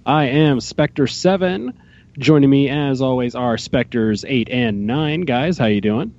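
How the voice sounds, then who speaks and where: A man hosts a fan podcast in a loose, excitable chat full of asides. His voice sits in a middle pitch. The recording is slightly dull and lo-fi. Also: takes it slowly. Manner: excitable, rambling with fillers. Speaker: podcast host.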